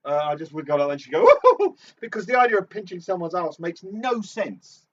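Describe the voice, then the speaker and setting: Animated English man, distant dull mic. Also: high voice, a little fast. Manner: animated, swearing, repeating catchphrases. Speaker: co-host. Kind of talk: casual chat.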